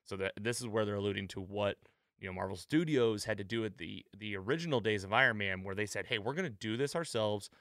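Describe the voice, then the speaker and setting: Bright, crisp-voiced man hosting a podcast. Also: on the low side, quick pace, no room sound, clean studio sound. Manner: rambling, many fillers and restarts. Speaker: podcast host. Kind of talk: casual podcast commentary.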